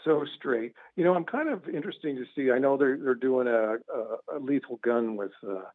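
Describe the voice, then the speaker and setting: A man's voice: medium pitch, moderate pace, no room sound. Rambling male guest on a tinny phone line. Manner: rambling, repeats words, laughs at his own stories. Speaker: author guest. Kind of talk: casual radio interview.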